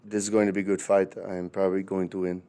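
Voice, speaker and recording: A male teacher voicing a soft-spoken, quietly confident fighter who talks flat and modest. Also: deep voice, fast talker, pitched below the performer's own voice, natural voice. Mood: calm.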